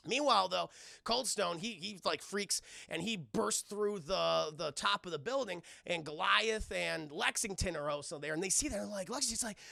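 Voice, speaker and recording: A man reviewing a cartoon on a live stream, talking to chat in an animated, profane way. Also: high voice, moderate pace, gravelly, dry recording, clean studio sound. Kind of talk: casual live-stream commentary.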